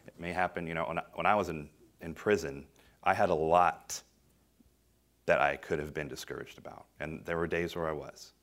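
A middle-aged man preaching a sermon, swinging between loud emphatic bursts and quiet, low phrases. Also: steady tone, moderate pace.

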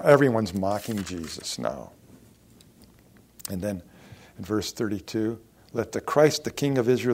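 A man preaching a sermon, acting out the mockers' taunts and swinging between loud outbursts and hushed lines. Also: mid-range voice. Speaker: pastor.

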